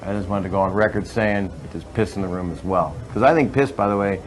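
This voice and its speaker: A man's voice: sits low, fast talker, a little hiss or hum, poor audio. A male comedian telling a crude joke in rambling stand-up style, laughing through it and breaking off to restart.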